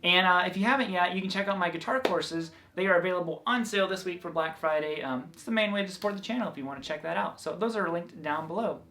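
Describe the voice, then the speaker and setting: A man's voice: high-pitched, fast talker, few pauses, pushed and bright. Southern man, guitar teacher, casual rambling delivery with fillers. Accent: Southern American. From American South. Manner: chatty, loose, full of fillers and restarts. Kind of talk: casual guitar lesson vlog.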